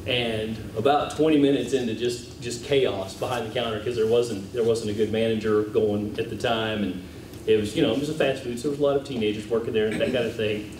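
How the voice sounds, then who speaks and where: A man's voice: lowish voice, steady tone, a little mellow. Guy telling a story to a class, stumbles over words, far from the mic, hissy. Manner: halting, repeats words, chuckles. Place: church classroom. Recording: echoey room, distant mic, audible background hiss.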